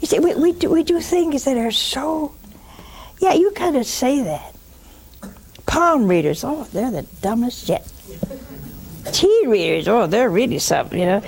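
Older woman, call-in host; emphatic, scolding, higher-pitched. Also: lively intonation, a little slow, vocal fry, pauses often, a little hiss or hum. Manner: emphatic, scolding, mocking then hushed. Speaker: host of a religious call-in show. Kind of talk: call-in talk, preaching.

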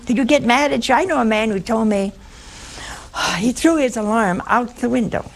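A woman's voice: fairly high pitch, moderate pace. A woman giving a humorous sermon in a folksy, teasing way, acting out everyday anecdotes for her listeners. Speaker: preacher.

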